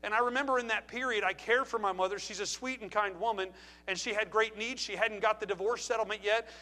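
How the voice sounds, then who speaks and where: High, bright-voiced preaching man. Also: steady tone, quick pace. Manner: emphatic, rhetorical questions and repeated phrases. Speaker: pastor. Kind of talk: sermon. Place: church.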